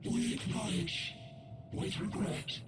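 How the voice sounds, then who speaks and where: A solemn ancient being in a video game, lofty and condescending. His high voice moves slowly and formally. He sounds far from the mic and sits beneath loud orchestral game music. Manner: measured, formal, aloof. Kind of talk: video game cutscene voice acting.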